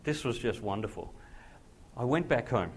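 A man preaches a personal testimony with a medium-pitched voice. He tells the story with great animation, leaping up in pitch to act out the dialogue. He then drops to a slow, soft delivery when he makes his points. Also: husky. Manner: animated storyteller who acts out dialogue with big pitch jumps. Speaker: pastor.

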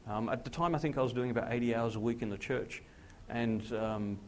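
Male pastor, sermon testimony; mid-pitched, lively, plays every part in the story himself. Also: brisk, slight background noise. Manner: animated storyteller who acts out dialogue with big pitch jumps.

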